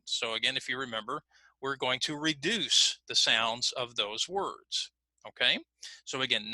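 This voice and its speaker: A man teaching an online pronunciation class, patient and repetitive, slowly modeling phrases for learners to repeat. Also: mid-range voice, sharp tone, no room sound. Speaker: ESL teacher.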